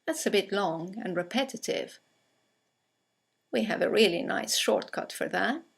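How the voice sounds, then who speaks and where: A woman teaching English in a scripted lesson, speaking with clear, careful delivery as she reads out example phrases. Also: mid-range voice, expressive, a little slow.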